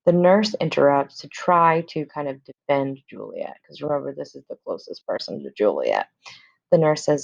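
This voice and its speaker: A woman teacher walks through a play in a relaxed, chatty way with lots of fillers. Her voice is low and gravelly. The recording sounds dull and lo-fi. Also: normal speed. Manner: casual paraphrasing, many fillers. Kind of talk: recorded lesson explaining a play.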